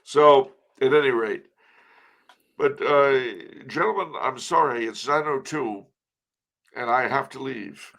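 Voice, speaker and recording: An older man with a gravelly texture tells jokes in a wry, courtly way. He sounds like a guest chatting over a video call, relaxed and polished. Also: medium pitch, slow. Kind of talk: casual chat, telling jokes.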